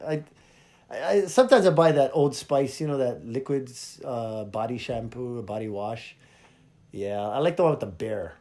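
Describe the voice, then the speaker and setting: A man hosting a podcast, telling a funny story in a casual, animated way and acting out both sides of a conversation. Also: mid-range voice, moderate pace. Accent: Hawaiian. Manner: animated, jumps between loud and quiet, acts out dialogue. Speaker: podcast host.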